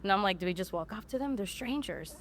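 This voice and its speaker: A woman's voice: mid-range voice, lively intonation, quick pace, fairly bright tone. A woman in the audience at a fan panel, asking a nervous, rambling question.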